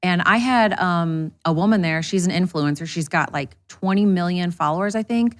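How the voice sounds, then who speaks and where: A woman entrepreneur, a guest on a podcast, talking casually and candidly, with swearing. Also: on the low side. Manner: rapid, animated, candid with swearing.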